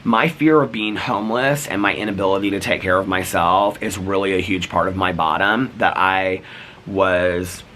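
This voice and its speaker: A middle-aged man talks straight to camera in a relaxed, chatty vlog, winding through a story with lots of "like" and "you know" and acting out both sides of old conversations. His voice sits low but has a bright, forward edge. A faint hiss runs under the recording. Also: moderate pace. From United States. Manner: chatty, full of "like" and "you know", acts out quoted exchanges. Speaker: vlogger.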